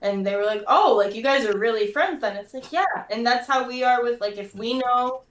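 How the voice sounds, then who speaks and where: A woman's voice: on the high side, recorded from a distance. Woman guest, roomy and off mic. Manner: quick filler-heavy talk with lots of "like". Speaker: guest, window cleaner. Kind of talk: casual chat.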